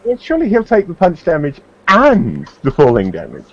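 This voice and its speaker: A man's voice: on the high side, wildly swooping pitch, normal speed. A man playing a tabletop game, thoughtfully explaining his character's moves. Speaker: player. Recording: dull lo-fi audio with faint noise.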